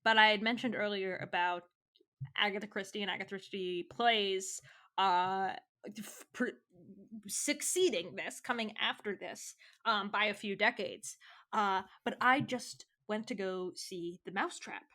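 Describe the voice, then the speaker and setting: A woman joins a casual podcast discussion with an animated, eager delivery. Her speech is peppered with likes and quick agreement. Her voice is bright at an ordinary pitch for a woman. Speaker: podcast cast member.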